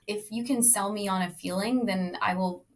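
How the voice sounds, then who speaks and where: A woman hosting a casual podcast conversation, asking curious questions and musing, sometimes dropping her voice very low. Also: moderate pace. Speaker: podcast host.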